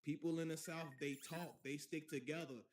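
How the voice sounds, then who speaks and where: A man's voice: a little high, fairly even intonation, moderate pace, slight background noise. A man from the Midwest streaming, talking in a repetitive, preachy casual monologue full of "bro" and "boy".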